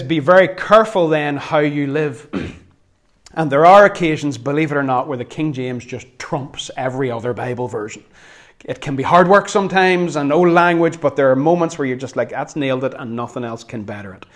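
A man's voice: fairly high pitch, fairly quick. A man with a Northern Irish accent preaching a sermon, conversational and earnest with flashes of wry humor. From Northern Ireland. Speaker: pastor.

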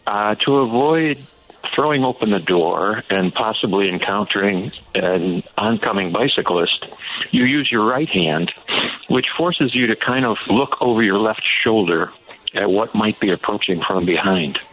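A man calling in to a radio show, explaining things in a measured, steady way over a phone line. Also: lowish voice. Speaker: caller. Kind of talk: phone call-in.

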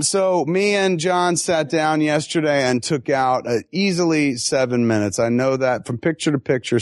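A man's voice: medium pitch, dry recording, studio quality. A middle-aged man, a film director, talking casually in an interview and telling stories with acted-out quotes and frequent swearing. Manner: animated, profane storyteller who acts out quotes.

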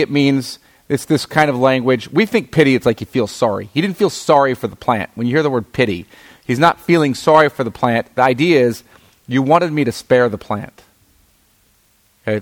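A middle-aged man teaches through a scripture passage in a sermon. He reads each verse aloud, then unpacks it in plain conversational terms, often pausing to check that his listeners follow. His voice sits at an average pitch for a man. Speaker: preacher. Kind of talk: expository Bible teaching.

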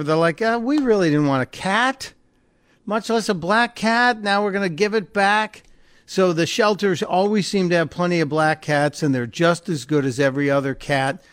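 A talk radio host speaking in a casual, joking way into a studio microphone. His voice sits a little high for a man and comes across smooth and clear. The sound is close and dry. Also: no echo. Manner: chatty, joking, laughs easily.

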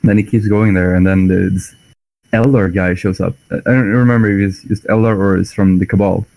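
Man casual book chatter, low voice, dry close sound, animated storyteller. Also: a little fast, creaky, no echo, rough recording. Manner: animated storyteller, acts out lines with laughs. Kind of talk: casual chat about books.

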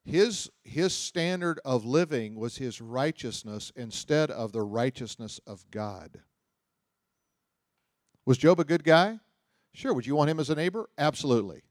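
A man's voice: mid-range voice, expressive, a little slow, no room sound, clean studio sound. A man preaching a sermon, reading scripture aloud and explaining it in a conversational way, often asking his listeners questions. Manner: conversational, asks the audience questions. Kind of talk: sermon, Bible teaching.

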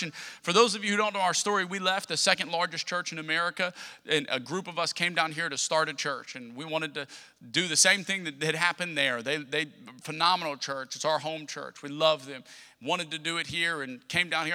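Impassioned pastor, bright voice. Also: male voice, fairly high pitch. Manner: impassioned, repetitive preaching cadence. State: tearful at times. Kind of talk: sermon. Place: church sanctuary. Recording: long church hall reverb.

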